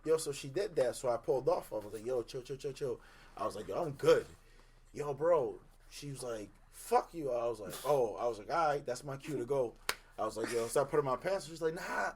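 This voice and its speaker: A young man tells a wild story on a podcast in loose, casual chat. He acts out every quote and breaks into laughter. The recording has a steady hiss of background noise behind him. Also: mid-range voice, a little fast. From Dominican heritage. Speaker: podcast co-host.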